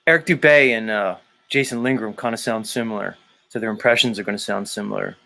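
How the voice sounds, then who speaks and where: A man's voice: on the low side, quick pace, gravelly, bright, forceful tone. A man hosting a livestream, casual and jokey, swearing freely. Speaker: livestream host.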